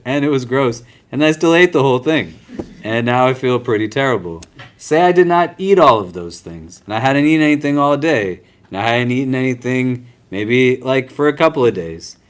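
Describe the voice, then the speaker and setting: A man teaching a casual religious class as an imam, talking conversationally with self-deprecating humor and often asking "right?" and "does that make sense?". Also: mid-range voice. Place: lecture room at a university Islamic center.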